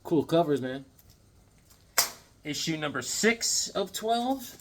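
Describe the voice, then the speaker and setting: A man's voice: a little high, sing-song, slow pace, a little hiss or hum. A man chatting casually in a comic haul vlog, laid-back and full of slang. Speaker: comic book collector.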